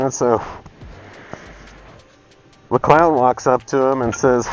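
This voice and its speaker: A man's voice: a little high, a little fast, a little hiss or hum, low-quality recording. Man rambling through a long joke. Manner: loose, filler-heavy, self-correcting. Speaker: joke teller and painter. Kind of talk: rambling casual storytelling.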